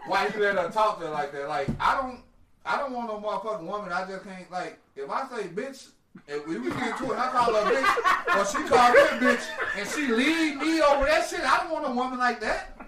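A man's voice: very high voice, expressive, a little fast, background noise. A man in a casual group discussion, blunt and profane, rambling through his points. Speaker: panelist. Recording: echoey room, mic at a distance.

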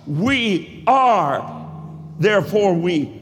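A pastor delivers a rhythmic sermon in a high, ringing voice with lively intonation, drawing lines out slowly before they swell into shouts. His words roll through the church sanctuary with a long reverb tail, over faint background music.

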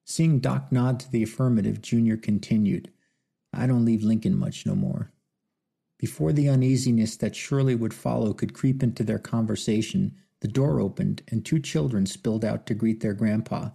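A man narrating an audiobook in a measured, somber storytelling manner. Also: fairly low pitch, gravelly, mellow, slightly rough. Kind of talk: scripted narration.

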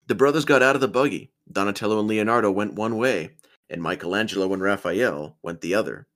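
A man co-hosting a podcast, giving a dramatic reading of a children's book and lifting his voice for each character. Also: a little fast. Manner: lively storybook reading, pitches up for character lines. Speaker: podcast co-host.

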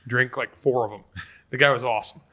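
Bright-voiced storytelling man. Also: mid-range voice, fairly quick. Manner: lively storyteller. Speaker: podcast host. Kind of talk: casual anecdote telling.

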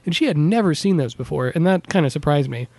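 A man in casual podcast chat who rambles earnestly, interrupting himself and filling gaps. His voice sits slightly high and the sound is close and dry. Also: animated, quick pace, vocal fry, darkish tone, dry recording. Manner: rambling, earnest, many fillers and self-interruptions. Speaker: podcast host.

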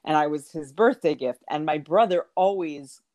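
Lively, laughing woman in casual chat. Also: sits low, moderate pace. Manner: animated storyteller, laughs often.

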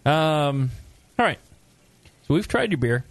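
A man's voice: on the high side, sing-song, takes it slowly. A man hosting a casual beer talk show, joking and teasing his guests. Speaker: podcast host.

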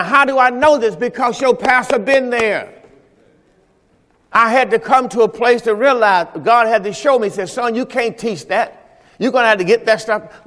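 During a Sunday service in the church sanctuary, a pastor talks to his congregation in a conversational manner, drawing on personal stories. He has a high-sitting, fairly bright voice that echoes around the reverberant hall.

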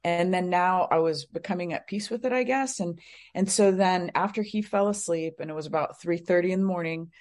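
A middle-aged woman who is a psychic medium shares a personal story on an interview show as a guest. Her lowish voice moves a little fast and sounds a little mellow. The delivery is casual, full of fillers and meandering asides.

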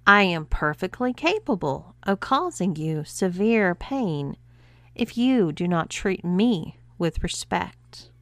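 A woman's voice: fairly low pitch, big pitch swings, slow pace, no room sound, full character voice. A woman voicing a stern, commanding female cruise director who speaks with cool, controlled authority.

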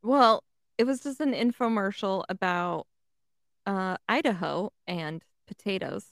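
A woman's voice: medium pitch, unhurried, no room sound, studio quality. A woman co-hosting a podcast, chatting in an easygoing, agreeable way. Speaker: podcast co-host. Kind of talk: casual comedic chat.

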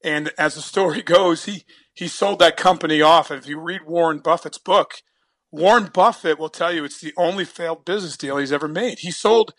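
Bright-voiced chatty man from New Jersey. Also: on the high side, brisk. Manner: chatty, repeats words when starting sentences, laughs often. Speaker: guest telling a story. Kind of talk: casual storytelling.

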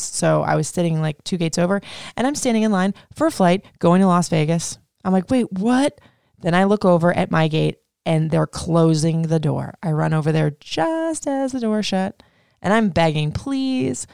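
Swearing freely and saying "like" constantly, a woman podcast host rambles through a casual personal story. Her voice is lowish and gravelly yet smooth, clear and a little mellow, recorded close and dry with no room sound.

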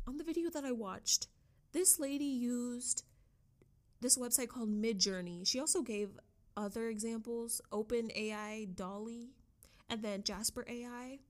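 Chatty, excitable young woman. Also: on the high side. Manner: chatty and excitable, addresses listeners as guys. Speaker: podcast host. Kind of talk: casual chat.

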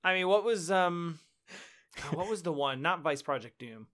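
Bright-voiced man, wry podcast co-host. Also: a little high, animated, moderate pace. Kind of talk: casual chat about retro games.

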